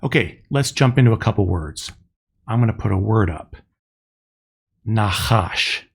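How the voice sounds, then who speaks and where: Low, gravelly man teaching slowly. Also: lively intonation, darkish tone. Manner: slow, methodical explaining, spelling out sounds. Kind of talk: recorded classroom lecture.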